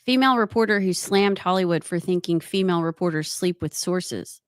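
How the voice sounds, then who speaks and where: A woman, co-hosting a casual talk radio show and reading out news items with animated, laughing banter. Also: on the low side, a little fast, no echo, clean studio sound.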